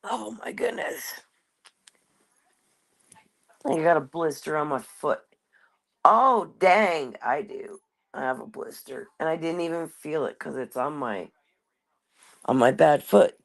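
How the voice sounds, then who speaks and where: Woman streamer, unhurried and low-voiced, casual late-night chat at home, drifts off topic. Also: animated, vocal fry. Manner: rambling, talks to her cat in a higher voice. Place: home, kitchen.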